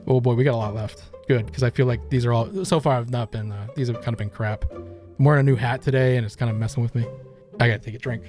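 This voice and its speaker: A man's voice: mid-range voice, steady tone, fast talker, a little mellow, soft background music. Rambling wisecracking man hosting a meme review. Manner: rambling, wisecracking, crude asides. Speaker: host. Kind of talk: casual meme review commentary.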